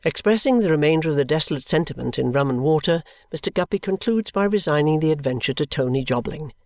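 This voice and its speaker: Measured audiobook narrator, dry sound. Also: mid-range voice, expressive, a little mellow, no echo. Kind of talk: scripted narration of a classic novel.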